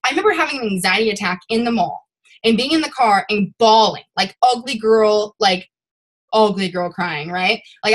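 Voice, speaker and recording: A young woman leading her sales team over a video call, giving a rambling, animated motivational talk. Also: medium pitch, moderate pace. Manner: rambling and animated, admits to ranting.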